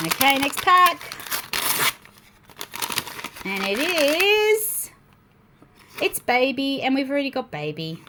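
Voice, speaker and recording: A woman's voice: high voice, slow, pauses often, background noise. A young adult woman with an Australian accent, chatting to viewers and the toys as she unboxes and builds. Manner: animated, talks to viewers and the toys. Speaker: toy unboxing vlogger. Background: crinkling packets and plastic clicks.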